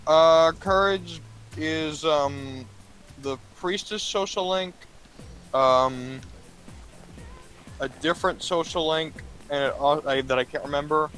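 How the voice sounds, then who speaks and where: A man's voice: fairly high pitch, takes it slowly, pauses often, a bit bright, faint music behind, rough recording. A sleepy man in casual gaming chat, explaining game mechanics to his co-host with lots of ums and restarts.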